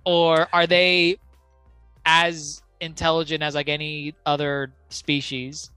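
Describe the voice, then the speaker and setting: A man's voice: on the high side, completely flat delivery, slow, bright, forceful tone, smooth, dry recording, faint music behind. A man co-hosting a podcast, rambling through casual chat with many fillers and restarts. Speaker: podcast co-host.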